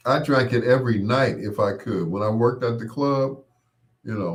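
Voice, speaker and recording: A man hosting his own show, telling rambling casual stories with laughs and quick mimicked voices of others. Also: mid-range voice. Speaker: podcast host. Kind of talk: casual storytelling monologue.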